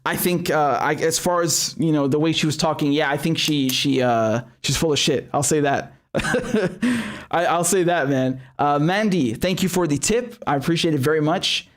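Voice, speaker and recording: A man's voice: fairly high pitch, normal speed, few pauses. Blunt, foul-mouthed male stream host. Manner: blunt, heavy swearing, many restarts. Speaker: show host. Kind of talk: live-stream commentary and reading viewer chats.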